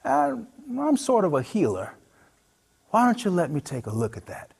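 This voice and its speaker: A man voicing an earnest, gentle driver who calls himself a healer, speaking in a soft, patient, coaxing way. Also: high voice, wildly swooping pitch, moderate pace, gravelly, husky, pitched above the performer's own voice, full character voice. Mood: soothing. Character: earnest gentle man, a roadside healer driving an old car.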